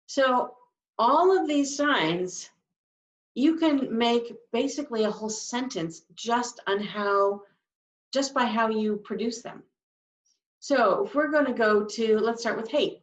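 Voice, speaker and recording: The woman's voice sits on the high side, expressive and slow, with long pauses between phrases. She instructs a live sign language class, explaining signs and using her voice to act out emotions demonstratively. A distant mic gives the recording a dull, lo-fi sound.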